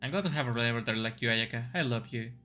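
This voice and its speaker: A man's voice: mid-range voice, very fast, bright, forceful tone, faint music behind, lightly acted. A man voicing a controlling wealthy mother who pushes her daughter into marriage, reading her lines in a firm, formal way. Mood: tearful.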